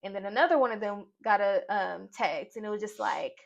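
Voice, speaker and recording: A woman's voice: medium pitch, a little fast, creaky. A woman from Nashville chatting through a reality TV recap with sassy, playful asides. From Nashville, Tennessee, US. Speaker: YouTube reality TV reviewer. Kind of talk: casual recap vlog. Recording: dull lo-fi sound.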